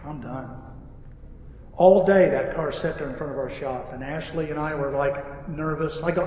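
A man preaching a sermon, telling an animated story with acted-out dialogue. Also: a little high, normal speed, lo-fi sound. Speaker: pastor and repair-shop owner. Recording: echoey hall, voice from far off, faint ambience.

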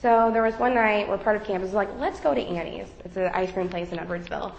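A woman's voice: medium pitch, fast, vocal fry, muffled recording. A young woman sharing a personal faith testimony with a group, talking casually with many fillers. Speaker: member giving a testimony. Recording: roomy echo.

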